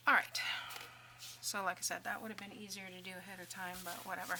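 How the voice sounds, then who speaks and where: A woman hosting a casual crafting tutorial, chatting and joking at herself, dropping to soft mutters while she works. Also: mid-range voice, level tone, quick pace, noisy background. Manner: chatty, self-deprecating, mutters softly while working.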